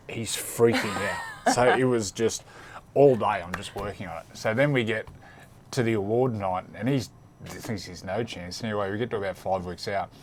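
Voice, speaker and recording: Lockerer australischer Mann mit tiefer Stimme. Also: male voice, lowish voice, normal speed, a little hiss or hum. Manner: laconic, cheeky, laughing through anecdotes. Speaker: former rugby league player telling stories. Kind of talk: casual storytelling chat.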